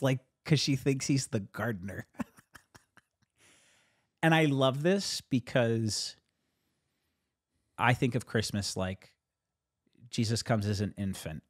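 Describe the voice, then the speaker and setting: A man who is a pastor, chatting casually about his sermon as an animated storyteller who laughs often and jumps higher when he quotes people. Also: slow, long pauses, no room sound, clean studio sound.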